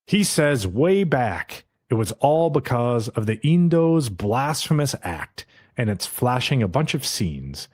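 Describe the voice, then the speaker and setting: A man in casual podcast talk, walking through an anime episode scene by scene and slipping into quick character voices along the way. His voice sits at an ordinary middle pitch, recorded close and dry with no room sound. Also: big pitch swings, a little mellow, breathy edge, no echo. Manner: retells scenes, briefly putting on the characters' voices. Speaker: podcast co-host. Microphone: podcast mic.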